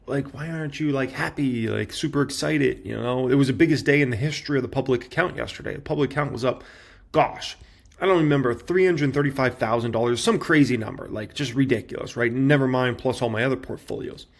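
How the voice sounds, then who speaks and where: A man in his thirties hosting an investing channel, talking straight to his viewers in an animated, casual way. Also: mid-range voice, fast, gravelly. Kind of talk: casual reaction commentary.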